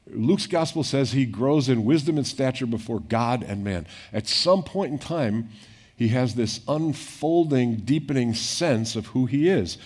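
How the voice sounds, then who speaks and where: A middle-aged man giving a sermon as pastor, reading scripture and then talking it through in a conversational, animated way with rhetorical questions. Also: medium pitch.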